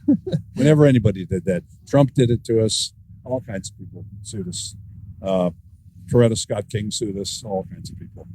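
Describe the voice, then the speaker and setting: A man, an author guest, telling wry anecdotes with dry humor in a relaxed storytelling style. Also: fairly low pitch, normal speed, a little hiss or hum, rough recording.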